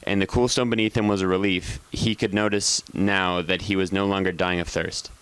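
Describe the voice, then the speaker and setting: A man with a low voice reads a story aloud on a morning show. He keeps a relaxed, easygoing pace and now and then stumbles and corrects himself. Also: moderate pace, clean tone, no room sound, rough recording. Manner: relaxed, with occasional slips and self-corrections.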